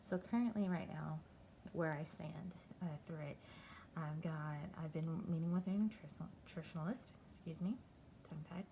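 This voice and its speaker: A middle-aged woman from Texas, talking candidly and haltingly in a personal video diary. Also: deep voice, gravelly, mellow, a little hiss or hum, low-quality recording. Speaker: vlogger.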